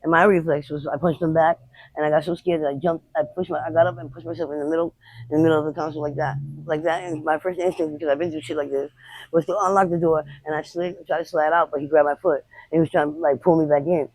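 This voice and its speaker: A woman interviewed outdoors on the street, recounting her experiences in a blunt, unfiltered way with halting restarts. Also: low-pitched, fairly even intonation, a little mellow, no echo, low-quality recording. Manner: rapid, halting retelling. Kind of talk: candid personal storytelling.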